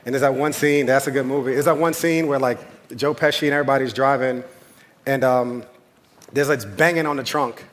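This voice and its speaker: A man's voice: mid-range voice, steady tone, brisk. An American man, a pastor, preaching a sermon in a conversational but impassioned way, repeating phrases for emphasis.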